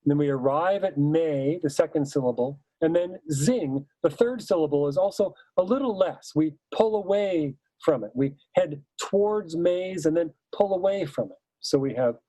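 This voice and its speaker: A man teaching choral phrasing in a measured, emphatic way, sometimes singing short hymn lines to show his point. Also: fairly high pitch, dark tone, no echo, low-quality recording. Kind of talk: instructional talk.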